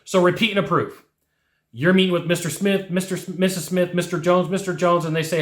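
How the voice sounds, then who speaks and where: A man's voice: sits high, steady tone, brisk, fairly bright tone. Coaching man in an echoey room. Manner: coaching, repetitive, acts out customer dialogue. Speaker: sales trainer. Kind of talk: instructional talk to camera.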